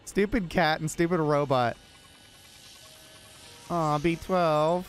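A male streamer reacts live to a video game, chatty and easily excited. His voice sits slightly high. Noticeable noise hums behind him. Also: takes it slowly. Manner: excitable, talks to the game and chat. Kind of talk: live gameplay commentary. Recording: noisy background.

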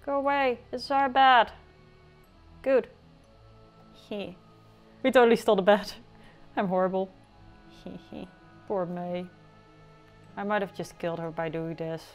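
A woman's voice: fairly low pitch, fairly even intonation, a little slow, pauses often, darkish tone. Woman chatting thru her sim game, teasing and playful, faint music in the back. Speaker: gameplay narrator. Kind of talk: casual game commentary.

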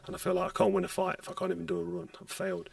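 A retired boxer, telling stories bluntly in a casual podcast chat and swearing freely. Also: male voice, sits high, monotone, racing, vocal fry, no room sound, studio quality, recorded from a distance. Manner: blunt, swears freely, acts out quoted dialogue.

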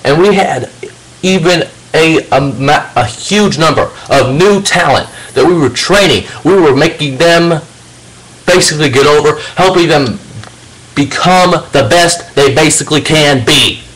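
Man with a slightly high voice, heated and confrontational, swearing constantly. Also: a little slow, a bit bright, rough recording. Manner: confrontational, swears heavily, addresses a rival directly. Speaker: video channel host. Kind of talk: angry profane rant to camera.

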